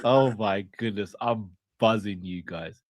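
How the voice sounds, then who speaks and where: A young man hosting a late-night livestream chat, excitable and husky, often dropping into loud whispers. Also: on the low side, measured pace, no room sound. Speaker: podcast host. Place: home at night.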